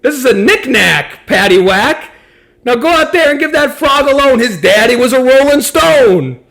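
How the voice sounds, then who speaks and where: A loud, bossy bank manager barks out his verdict in a high, forceful voice, as a man puts him on while telling a joke. The booming delivery rises well above the man's normal speaking voice. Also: lively intonation, moderate pace, creaky, exaggerated voice.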